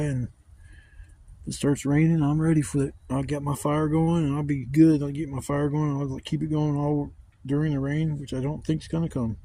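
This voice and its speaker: Camping vlogger man, outdoors at a woodland camp, dark, relaxed voice, loose rambling chat with plenty of swearing. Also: mid-range voice. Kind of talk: casual chat.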